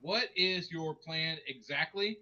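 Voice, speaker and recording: A man voicing an adventurer who sends a short magic message in clipped, halting words. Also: a little high, pushed and bright, lo-fi sound, full character voice. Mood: measured.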